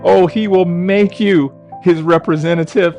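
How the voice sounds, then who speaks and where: A man's voice: sits high, fairly even intonation, measured pace, darkish tone, highs cut off. A man preaching a sermon with fervent delivery, his voice rising into cries at the peaks. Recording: faint music behind.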